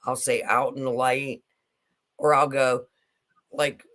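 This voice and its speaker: A woman's voice: very deep voice, steady tone, slow pace, long pauses, a bit bright. A woman in casual chat, telling stories about her grandmother and imitating her phrasing.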